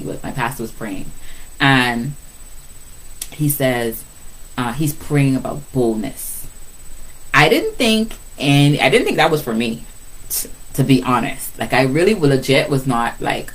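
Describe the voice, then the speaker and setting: A middle-aged woman with a low, full voice talks about faith in a relaxed, conversational way. She repeats her key phrase for emphasis and slips into lively retellings. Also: poor audio. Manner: animated, repetitive, laughs often. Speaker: Christian speaker. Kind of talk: casual faith talk.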